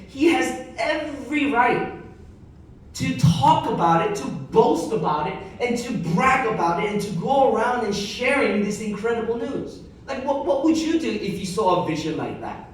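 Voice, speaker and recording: A man preaching a sermon as pastor, conversational with joking asides and repeated key lines. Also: high voice. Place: large echoey church hall with congregation. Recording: very echoey hall heard from far off.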